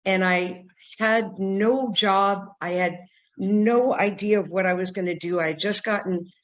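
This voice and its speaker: Older woman, from San Diego, psychic medium guest, animated storytelling, mid-range voice. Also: mid-range voice, measured pace. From San Diego, California. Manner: animated, acts out quoted voices. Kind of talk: storytelling in an interview.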